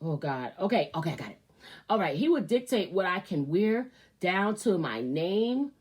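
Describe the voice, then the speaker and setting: A woman hosting a casual advice show, reading a viewer's letter aloud and reacting with loud outbursts and muttered asides. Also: lowish voice, sing-song, normal speed, breathy edge. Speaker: host.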